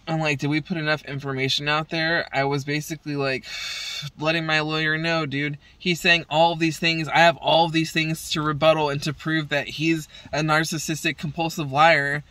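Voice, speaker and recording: A woman's voice: sits low, flat delivery, normal speed, a bit bright, no room sound, recorded from a distance, low-quality recording. Profane, rambling woman venting on a vlog. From Southern California. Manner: rambling, heavily profane, exasperated. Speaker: vlogger.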